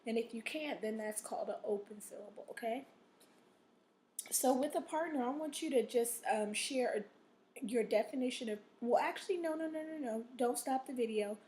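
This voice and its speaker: In a somewhat high voice with a dark tone, a woman teacher records a reading lesson for young pupils at normal speed, with slight background noise. She's patient, checks in often by repeating "okay?", and models passages by reading them aloud expressively.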